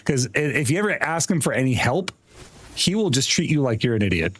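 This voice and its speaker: A man's voice: medium pitch, very animated, fairly quick, slightly rough. A man streaming a game, chatting casually with a friend while he plays, laughing often and swearing casually. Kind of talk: casual gaming chat.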